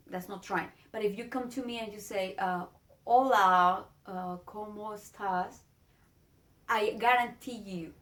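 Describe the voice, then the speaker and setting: A native Spanish speaker with a medium-pitched voice gives a casual video lesson in Spanish-accented speech. She teaches earnestly, drawing out her vowels.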